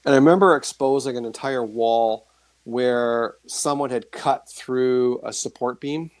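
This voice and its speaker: A man being interviewed as a guest, telling rambling, animated anecdotes full of fillers and restarts. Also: medium pitch, unhurried, dry recording. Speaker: guest author sharing paranormal experiences. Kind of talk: casual storytelling interview.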